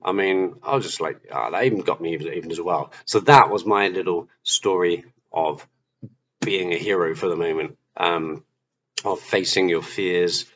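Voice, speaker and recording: A Christian vlogger, a man, tells a personal testimony story, animatedly acting out his own past lines as he goes. His voice is low-pitched at a moderate pace. The audio is slightly dull with a faint hiss.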